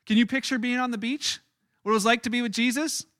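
A man preaching a sermon in a casual, animated storytelling style. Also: very high voice, fast talker, no echo, clean studio sound. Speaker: pastor.

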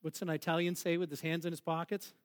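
A man's voice: on the high side, flat delivery, fast talker. A man preaching a sermon as pastor in a church, joking and laughing with the congregation. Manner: jokey, playful, laughs with the congregation.

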